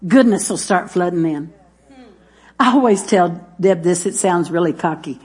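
A woman's voice: lowish voice, moderate pace, darkish tone, slightly rough. Woman preacher, emphatic, repetitive delivery, addresses the congregation directly. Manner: emphatic, repeats phrases, talks straight to listeners. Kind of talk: sermon.

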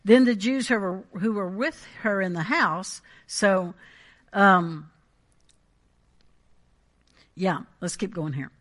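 Bright-voiced woman preaching emphatically. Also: mid-range voice, slow, pauses often. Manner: emphatic, checks in with the congregation. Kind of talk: Pentecostal sermon.

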